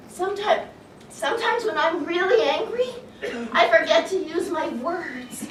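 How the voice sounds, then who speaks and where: A woman with a very high, bright voice gives a playful, exaggerated talk to a live audience, acting out feelings with gasps and laughs. She sounds distant from the mic, in an echoey room with a faint hum of ambience. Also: lively intonation, measured pace. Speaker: children's educator giving a talk.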